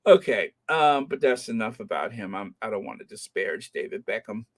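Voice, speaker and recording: A man's voice: on the low side, expressive, brisk. A middle-aged American man hosting a royal news channel, chatting in a rambling, joking way with many fillers. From United States. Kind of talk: casual commentary.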